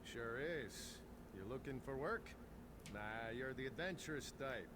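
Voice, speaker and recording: A man's voice: mid-range voice, unhurried, close to an everyday voice. An actor playing a chatty, boastful male mine lookout in a video game, cracking crude jokes. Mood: cocky. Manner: joking, boastful, crude humor. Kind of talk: video game character dialogue. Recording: game audio with steady background noise.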